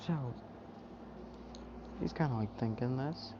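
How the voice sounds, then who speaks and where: A man's voice: medium pitch, lively intonation, a little slow, long pauses. Rambling young man telling a fan story. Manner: rambling, full of fillers. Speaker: YouTube storyteller. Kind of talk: casual fan story retelling. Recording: dull, noisy home mic.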